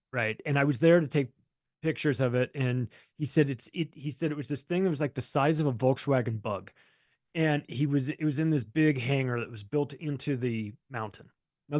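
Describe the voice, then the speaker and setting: A man with a mid-range, darkish voice chats as a podcast guest, rambling through a long, profane anecdote and acting out the voices of the people he quotes. It's casual storytelling, recorded dry and close with no room sound.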